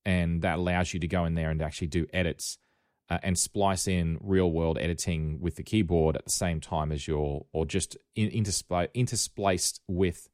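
A man's voice: sits low, steady tone, normal speed, few pauses, a little mellow, no echo, studio quality. A man with an Australian accent hosting a casual tech podcast, rambling and wry, often correcting himself mid-sentence. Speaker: podcast host.

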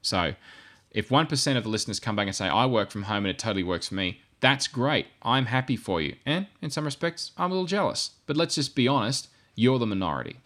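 Animated and quick, this medium-pitched, slightly bright male voice belongs to a podcast co-host. His casual talk meanders, with self-corrections and side comments throughout.

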